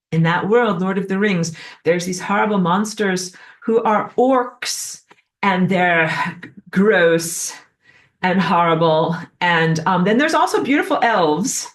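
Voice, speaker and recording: A woman's voice: on the low side, far from the mic. A woman giving a rambling spiritual lesson, digressing often with fillers and acted-out asides. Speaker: spiritual teacher.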